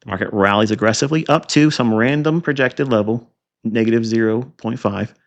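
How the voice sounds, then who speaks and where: A man's voice: mid-range voice, fairly quick, muffled recording. A man giving a recorded trading lecture over price charts, emphatic and repetitive, with rhetorical questions and scornful asides. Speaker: trading educator.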